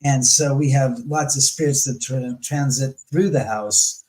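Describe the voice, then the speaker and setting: A man as an interview guest, telling stories in a rambling, animated way and often correcting himself mid-sentence. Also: medium pitch, unhurried, poor audio. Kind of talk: casual storytelling interview.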